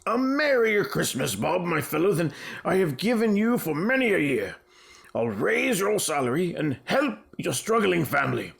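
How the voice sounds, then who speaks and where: A man voicing an old male miser turned joyful and generous, hearty and exclaiming warmly. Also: sits high, big pitch swings, normal speed, creaky, voice pushed up, exaggerated voice. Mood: jovial.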